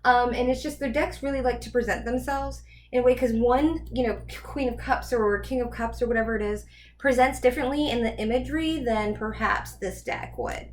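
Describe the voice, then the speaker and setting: A woman's voice: a little high, brisk, slight background noise. A woman giving a casual tarot reading, chatty and rambling as she thinks aloud. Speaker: tarot reader.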